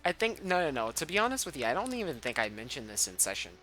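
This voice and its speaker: A young man running an online tabletop game as game master, chatty and quick to laugh, on a home mic over a voice call. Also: fairly high pitch, very animated, bright, forceful tone, soft background music. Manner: chatty, laughs often, restarts sentences. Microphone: home microphone on a voice call.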